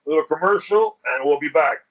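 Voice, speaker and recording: A man's voice: a little high, brisk, a bit bright. A male podcast host in casual chat, telling crude stories full of swearing and acting out what people said. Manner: crude, profane storytelling, acts out quotes. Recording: lo-fi podcast recording.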